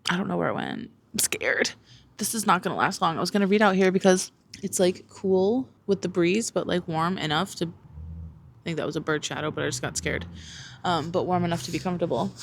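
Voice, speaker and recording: A woman in her thirties talks loosely to the camera as she goes about her day at home. Her voice sits a little low. She rambles, curses offhandedly and slips into baby talk with her dog. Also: steady tone, brisk, slight background noise. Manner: chatty and rambling, swears, coos at her dog. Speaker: vlogger. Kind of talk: casual day-in-the-life vlog. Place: home, indoors and in the yard.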